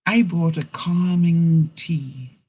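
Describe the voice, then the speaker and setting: A woman vlogger chatting casually with her viewers, frank and quick to laugh. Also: lowish voice, fairly even intonation, dark tone, slightly rough, low-quality recording. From Canada. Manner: chatty and blunt, laughing often. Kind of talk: casual live chat to viewers.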